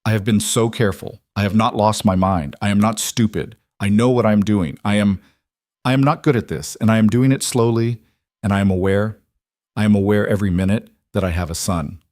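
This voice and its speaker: A man's voice: on the low side, fairly quick, a little mellow, no echo, clean studio sound, natural voice. A man voicing a protective single father who speaks earnestly and insistently, repeating himself.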